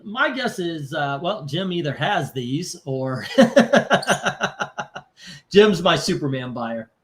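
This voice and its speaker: A man's voice: fairly high pitch, a bit bright. A man hosting a live comic book auction, chatting casually with rambling asides, casual swearing and laughter. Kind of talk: casual live-stream chat.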